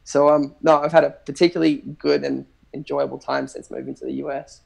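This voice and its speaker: Australian guest, fast talker with a gravelly edge, relaxed rambling chat. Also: male voice, fairly high pitch, rough recording. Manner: relaxed, rambling, thinks aloud with many restarts. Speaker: livestream guest. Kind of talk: casual chat.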